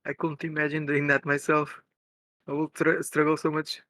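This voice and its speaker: A stream companion chatting in a quiet, low-key way. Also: little pitch movement, normal speed, no room sound.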